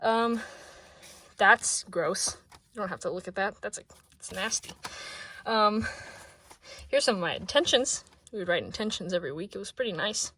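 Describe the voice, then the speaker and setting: A woman in her twenties, out of breath, chatting casually at her desk in a rambling, excitable way that often drops to soft mumbles. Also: medium pitch, moderate pace, long pauses, slight background noise. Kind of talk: casual sketchbook tour vlog.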